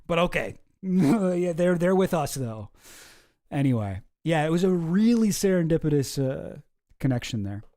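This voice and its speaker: A man's voice: on the high side, mellow. A man hosting a casual commentary show, rambling and sarcastic. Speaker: commentary host.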